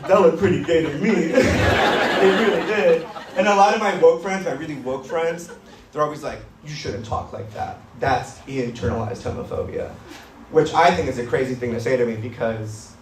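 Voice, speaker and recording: A man doing stand-up comedy on a club stage, with a deadpan, edgy, self-mocking delivery. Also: fairly high pitch, very noisy. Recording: roomy club sound from far, crowd laughter.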